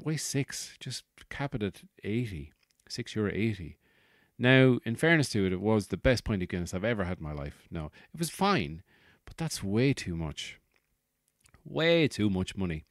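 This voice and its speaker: Irish comic host, low voice, dry close sound, rambling and swearing. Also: male voice, no room sound. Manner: rambling, swearing, exasperated asides. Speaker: comedian and podcast host. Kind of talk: casual rambling monologue.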